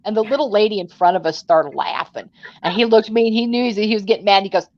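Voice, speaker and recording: A woman's voice: medium pitch, fast talker, dry recording. A woman in casual conversation who tells everyday stories and plays out the back-and-forth in different voices. Her voice sounds dry and close, with the muffled, dull quality of a lo-fi recording. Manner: chatty storytelling, acting out dialogue. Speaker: host. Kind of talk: casual chat.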